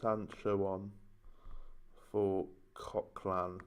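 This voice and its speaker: A man's voice: low-pitched, level tone, very slow, clean tone. Exasperated man moaning over a game. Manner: moaning, exasperated running commentary. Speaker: gaming YouTuber. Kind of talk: casual let's-play commentary.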